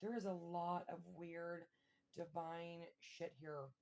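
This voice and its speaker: A woman giving a casual tarot reading, thinking aloud and breaking into excited exclamations and mild swearing. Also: fairly low pitch, slow pace. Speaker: tarot reader.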